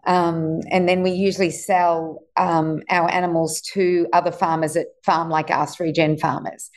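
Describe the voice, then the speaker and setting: A woman's voice: on the low side, level tone, normal speed. A woman in her sixties who owns a farm, telling rambling stories in casual chat. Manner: rambling, chatty storyteller with fillers. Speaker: farm owner.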